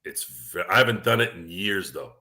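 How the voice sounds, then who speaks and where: Lowish forceful guy rambling on a sports podcast, laughs a lot, pokes fun at himself. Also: expressive, brisk. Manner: rambling, self-deprecating, laughs often. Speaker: podcast co-host. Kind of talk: casual sports talk banter.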